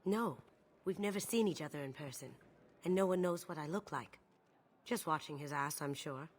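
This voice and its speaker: An actress voicing a sly female master thief who briskly lays out a heist plan. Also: sits low. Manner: brisk, confident planner, soft asides.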